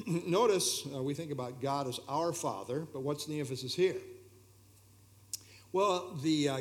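A man leading an evening Bible study, explaining verses in a relaxed, conversational way with frequent hesitations and fillers. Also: medium pitch, moderate pace.

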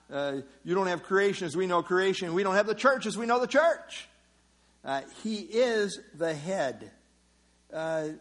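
A man teaching a Bible passage verse by verse in an explanatory sermon style, often repeating key phrases. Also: high-pitched.

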